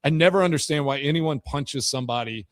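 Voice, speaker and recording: A man's voice: a little high, fairly quick, no echo. Sports radio co-host, man, loose rambling talk full of "like", dry close mic. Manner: rambling, restarts often, hedges with "like". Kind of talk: casual sports radio chat.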